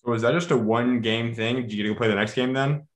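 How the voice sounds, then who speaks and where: A man hosting an interview, asking quick, prepared questions. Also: medium pitch, roomy sound. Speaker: podcast host.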